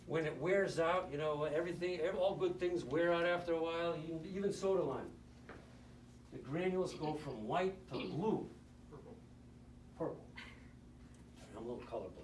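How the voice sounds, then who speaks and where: A man's voice: a little high, moderate pace, pauses often, a little hiss or hum. A man teaching nurses in a live lecture, joking and quizzing the audience as he goes. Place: lecture room. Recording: roomy hall, mic at a distance.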